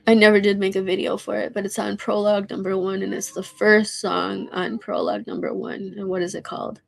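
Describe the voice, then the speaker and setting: A hoarse woman who is losing her voice, chatting in a scattered, rambling way on a live stream and swearing freely. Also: mid-range voice, flat delivery, fairly quick.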